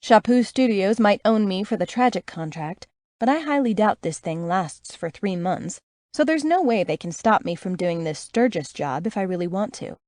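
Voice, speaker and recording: A woman's voice: medium pitch, expressive, moderate pace, darkish tone, dry recording, clean studio sound. A woman reading a first-person audiobook in a sarcastic, self-assured way. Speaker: audiobook narrator.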